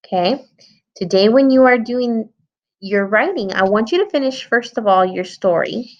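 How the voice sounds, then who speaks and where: Fairly high-pitched and animated, a woman teacher speaks at a moderate pace during a writing lesson for little kids. She patiently thinks aloud while revising her story, and the recording sounds slightly dull and lo-fi.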